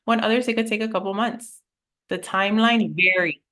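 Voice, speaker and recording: A woman's voice: mid-range voice, fairly even intonation, brisk, pushed and bright. A woman life coach in a casual podcast chat, telling personal stories candidly and with animation, swearing now and then.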